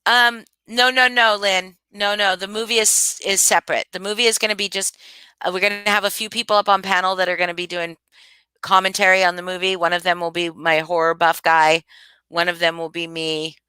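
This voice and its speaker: A woman with a lowish, bright voice chats loosely with her live audience, circling back and restarting as she thinks aloud. Her tone is smooth and crisp, recorded dry and close. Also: flat delivery, brisk, no room sound. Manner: rambling, thinks aloud, frequent restarts and asides. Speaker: livestream host. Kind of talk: casual live chat answering viewers.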